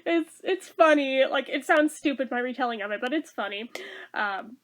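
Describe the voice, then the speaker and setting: A woman's voice: sits high, expressive, moderate pace, a bit bright. A woman giving a casual spoken review of a TV episode, chatty and full of laughs, with "like" in almost every sentence. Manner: chatty, laughs often, says "like" a lot.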